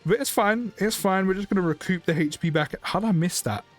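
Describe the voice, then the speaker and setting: A young British man giving chatty, excitable gameplay commentary for his channel, often rambling and correcting himself. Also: high voice, brisk, soft background music. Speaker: mobile game YouTuber.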